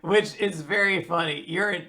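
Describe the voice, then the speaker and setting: A podcast co-host chatting casually, amused and quick to laugh while reacting to the story. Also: mid-range voice, pushed and bright. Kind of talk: casual chat.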